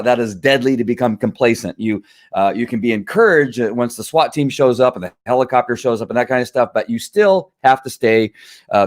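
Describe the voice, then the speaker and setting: A middle-aged man hosting his own show, talking in a rambling, halting way with many fillers and an earnest, emphatic tone. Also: mid-range voice. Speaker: show host. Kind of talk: casual live-stream monologue.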